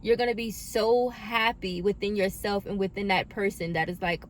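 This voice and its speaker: A woman delivers a spiritual oracle reading into her phone. She is emphatic and affirming and swears casually, at a middling pitch with a faint hum of room noise behind her. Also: steady tone, moderate pace, hardly any pauses. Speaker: oracle card reader.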